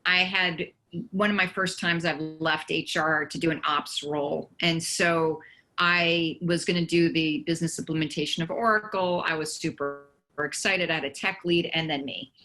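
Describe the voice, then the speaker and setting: Woman telling lively career stories. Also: sits low, moderate pace, soft background music, poor audio. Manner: lively anecdotes with laughter. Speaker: panelist. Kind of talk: casual panel storytelling.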